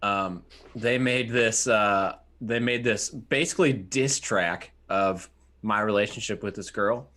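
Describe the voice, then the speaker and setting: A man with a lowish voice co-hosts a casual live podcast. He tells jokey stories and laughs freely as he talks. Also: unhurried, pushed and bright. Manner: jokey storyteller, laughs a lot. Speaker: podcast co-host.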